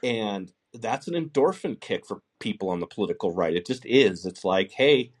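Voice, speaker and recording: A man with a somewhat low voice runs a live call-in show. He talks bluntly and swears freely. His points ramble along with restarts and asides. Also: animated, moderate pace, darkish tone, breathy edge. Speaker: podcast host. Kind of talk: casual political commentary.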